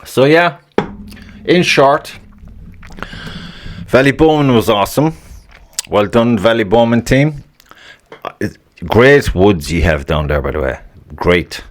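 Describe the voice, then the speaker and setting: A man's voice: mid-range voice, lively intonation, takes it slowly, pauses often. A man hosting a casual solo podcast, swearing freely, rambling and grumbling with an annoyed edge. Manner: profane, rambling, laughs at own jokes. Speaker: podcast host.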